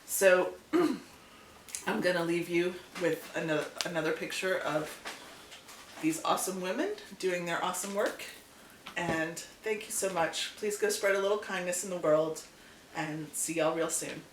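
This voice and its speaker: A woman's voice: lowish voice, measured pace. Echoey woman telling a folk tale. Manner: animated, repetitive storytelling with asides. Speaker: channel host and storyteller. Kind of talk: casual storytelling vlog. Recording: echoey room, distant mic, faint hiss.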